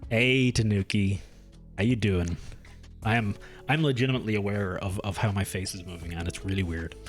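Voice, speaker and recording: A young man chats loosely with his audience, stopping and restarting his sentences and drifting from one tangent to the next. Music plays quietly under his voice. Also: on the low side, steady tone, fairly quick. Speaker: streamer. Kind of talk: casual live-stream chat. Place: home room.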